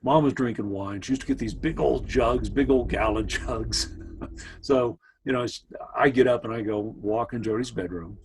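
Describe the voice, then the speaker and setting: A man's voice: medium pitch, moderate pace, a little mellow, slight background noise, low-quality recording. Rambling man telling family stories. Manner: meandering, conversational, full of asides to his listener. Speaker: family storyteller. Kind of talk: casual spoken storytelling.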